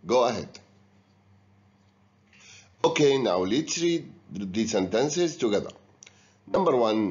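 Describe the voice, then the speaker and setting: Male teacher, video grammar lesson: slow, patient, expressive pitch; dull lo-fi sound. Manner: slow, deliberate, guiding students step by step. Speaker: English teacher.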